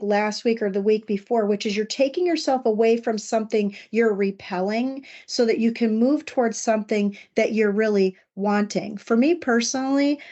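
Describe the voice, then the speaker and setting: A middle-aged woman co-hosting a podcast, talking in an earnest, personal, reflective way and slowing down to stress key words. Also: medium pitch, a little mellow. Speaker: podcast co-host. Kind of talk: casual podcast discussion.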